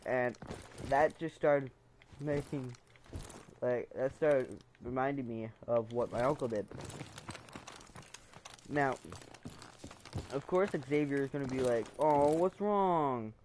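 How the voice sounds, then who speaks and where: A man's voice: mid-range voice, steady tone, takes it slowly, long pauses, darkish tone, a little hiss or hum. A man vlogging, telling a personal family story in a rambling, emotional way, with fillers and acted-out quotes. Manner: acts out quoted voices. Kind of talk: casual storytime.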